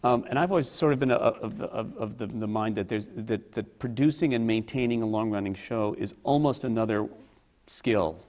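A man's voice: fairly low pitch, moderate pace, a little mellow. Man asking a panel a question. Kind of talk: panel discussion.

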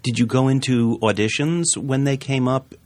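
A man interviewing an actor, asking careful, measured questions. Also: mid-range voice, darkish tone.

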